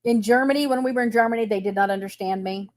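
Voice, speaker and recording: Greeting viewers on her casual live chat, this middle-aged woman from Texas is chatty and laughs a lot, speaking with a Texan accent. She talks at a quick pace in a voice on the high side, and there's no echo.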